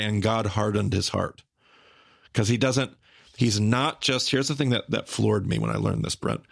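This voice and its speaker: A man hosting a podcast, explaining Bible stories with emphatic, repetitive phrasing that speeds up and slows down. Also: medium pitch, gravelly, dry recording, clean studio sound. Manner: emphatic, repetitive, with rapid bursts and slow stressed phrases. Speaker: podcast host teaching the Bible. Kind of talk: animated teaching conversation.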